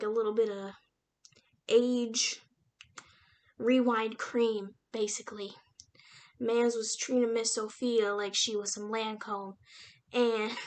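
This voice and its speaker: A young woman casually retelling a novel's plot in a chatty, slangy book review vlog, with lots of fillers. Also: a little high. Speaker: book reviewer and aspiring writer.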